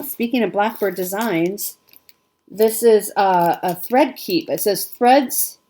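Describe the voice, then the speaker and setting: A woman chatting casually to camera as she unboxes a gift parcel, gushing and delighted, often laughing softly. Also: medium pitch. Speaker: cross-stitch vlogger.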